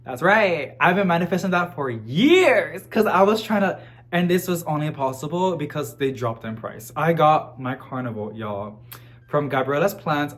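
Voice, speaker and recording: A man vlogging about houseplants in a chatty, animated way, full of casual fillers. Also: on the high side, normal speed, faint music behind. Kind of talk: casual chat to camera.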